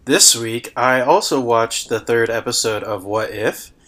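Young male guest, bright tone, relaxed and agreeable. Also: medium pitch, measured pace. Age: young adult. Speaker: podcast guest. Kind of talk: casual chat.

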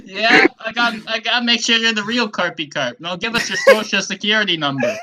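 A man voicing a scheming carp father who walked out on his family, talking loud and pushy in an improvised comedy bit. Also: high-pitched, brisk, poor audio.

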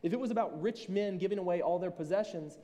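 Mellow-voiced man preaching in a reverberant room. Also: sits high. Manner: reads scripture slowly and deliberately. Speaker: lay preacher, a school reading teacher. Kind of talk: sermon with scripture reading. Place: room with an audience. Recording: long reverb from a large room.

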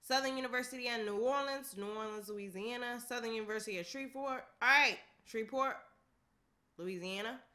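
A woman with a bright, forceful voice reads through a long list in a relaxed, casual way. She keeps a steady rhythm, laughs often, and drops in offhand asides. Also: on the high side, a little fast. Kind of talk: casual reading of a list aloud.

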